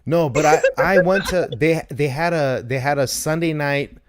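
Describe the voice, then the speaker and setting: A man's voice: on the high side, normal speed. A man in his thirties co-hosting a casual podcast, joking and swearing as he acts out everyday exchanges. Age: 30s. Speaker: podcast co-host. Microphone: video call.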